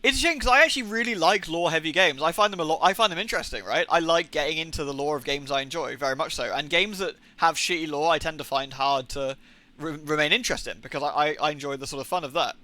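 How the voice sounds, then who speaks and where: A young man streams a game and talks over it in a bright, edgy voice that sits a touch high for a man. He rambles and swears freely, often breaking into rants of disbelief. The sound is dry and close. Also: fast talker, dry recording. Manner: rambling and profane, incredulous rants. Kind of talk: casual live gaming stream chatter.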